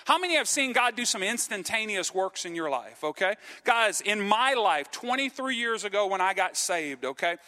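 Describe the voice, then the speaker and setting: A man preaching in an earnest, conversational way, checking in with the congregation and calling for amens. His voice sits high for a man and rings bright and forceful. The sound carries the long reverb of a church hall. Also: very animated, normal speed, hardly any pauses. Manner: earnest, repeats "okay?" and calls for amens. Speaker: pastor. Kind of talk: sermon. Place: church sanctuary.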